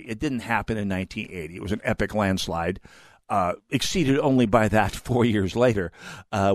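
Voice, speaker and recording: A man's voice: fairly low pitch, no room sound, studio quality. A man in his fifties hosting a talk radio show, delivering an opinionated monologue that rambles off on tangents and restarts his words. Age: 50s.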